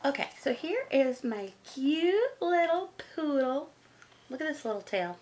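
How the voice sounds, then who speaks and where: A woman reviewing toys at home, gushing and excitable in a casual chat. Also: high voice, measured pace, poor audio. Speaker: toy reviewer.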